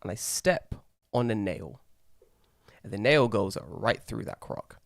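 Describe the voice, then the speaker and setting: A young man co-hosting a podcast, rambling through a story and swearing freely. He animates the people he quotes with bursts of pitch, and his voice sits dry and close to the mic. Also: slow pace, gravelly, no echo. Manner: rambling, swears a lot, animated when acting out others. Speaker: podcast co-host. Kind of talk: casual storytelling chat.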